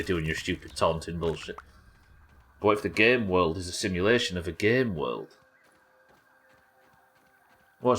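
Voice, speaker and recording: An English man casually commentates his live game stream in a low-pitched voice that sounds pushed and bright. Wry and sweary, he banters with his viewers as he plays.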